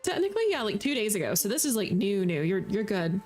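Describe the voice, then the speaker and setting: A woman's voice: medium pitch, sing-song, fast, darkish tone, faint music behind. A woman VTuber streamer chatting casually as she plays a game, reacting aloud and laughing often. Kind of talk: casual gameplay commentary.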